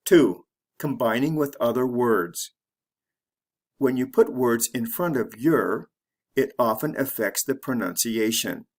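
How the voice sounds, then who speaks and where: A man with a slightly husky voice gives an English lesson at an unhurried pace. He reads each example sentence with careful, measured pronunciation, like a drill recording. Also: medium pitch. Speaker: English teacher. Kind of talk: slow scripted lesson narration.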